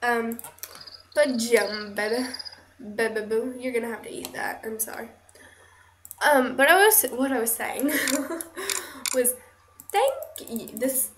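Woman, let's play host, higher voice, unhurried and giggly, echoey home mic. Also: slight background noise. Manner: giggly, rambling, self-conscious. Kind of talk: casual gameplay commentary. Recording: echoey room.

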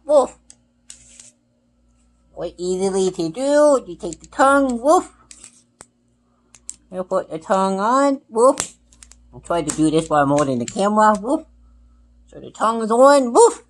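A man's voice: high-pitched, a bit bright. A man in a casual unboxing vlog, playfully speaking in a pup persona and dropping a barked "woof" between his sentences. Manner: punctuates talk with barked woofs. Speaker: vlogger.

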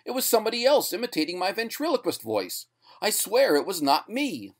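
A frightened male ventriloquist who pleads in a strained, shaky voice, acted out by a man. His pitch sits higher than a plain reading voice, and he keeps pushing for belief. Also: very animated, normal speed, lightly acted. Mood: panicked. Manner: pleading, strained, rising to screams.

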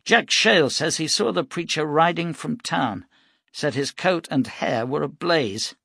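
A man doing a measured militia captain. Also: on the high side, gravelly, pushed and bright, husky, no echo, clean studio sound, voice pushed up, heavily acted. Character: tall, easygoing middle-aged male militia captain.

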